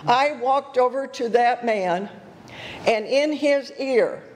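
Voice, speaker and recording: High-voiced older woman preaching. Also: takes it slowly, a little mellow. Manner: storytelling, earnest and emphatic, with asides and chuckles. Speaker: guest speaker. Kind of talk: sermon. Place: church. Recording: reverberant church hall.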